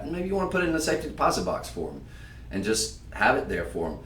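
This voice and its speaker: A man pitching jewelry on a live shopping stream, chatty and emphatic as he talks straight to the viewers. His voice sits at an ordinary male pitch and is recorded a little off-mic, with a roomy studio echo around it. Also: huge pitch swings, quick pace, fairly bright tone, recorded from a distance, slight background noise. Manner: chatty, emphatic salesman addressing viewers directly. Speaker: shopping channel host.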